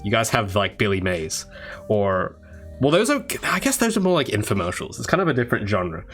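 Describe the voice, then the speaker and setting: A man's voice: on the low side, wildly swooping pitch, a little fast, a bit bright, soft background music. A man, a game developer, chatting casually with viewers on a live stream while he works, rambling with restarts and asides. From Australia. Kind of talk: casual livestream chat while working.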